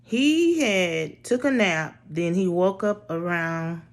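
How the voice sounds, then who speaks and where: A woman's voice: lowish voice, lively intonation, slow. A woman casually telling a personal story in a blunt, profane, exasperated way.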